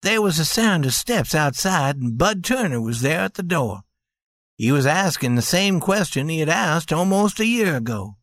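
A man reading a story aloud as narrator, slowly and clearly. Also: on the high side, animated, fairly bright tone, dry recording, studio quality. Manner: slow, clear, deliberate reading.

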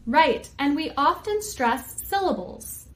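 A woman co-hosting a scripted grammar lesson, speaking clearly and deliberately. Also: high voice, lively intonation. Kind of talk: scripted educational dialogue.

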